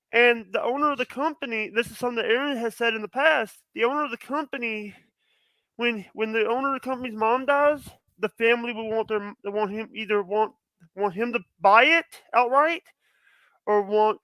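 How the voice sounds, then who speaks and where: High bright-voiced man rambling on a podcast. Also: normal speed, dry recording, rough recording. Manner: rambling, restarts often, emphatic. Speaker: podcast guest. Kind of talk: casual podcast chat.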